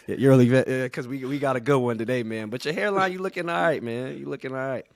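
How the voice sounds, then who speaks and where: A man's voice: medium pitch, quick pace, gravelly. A man in his thirties hosting a podcast in a casual, joking way, a little sick and laughing often. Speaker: podcast host.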